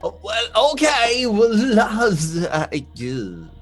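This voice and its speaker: A man's voice: sits high, wildly swooping pitch, drawn-out words, faint music behind, voice pushed up, full character voice. A man voicing a flustered, chatty woman who is a chancellor.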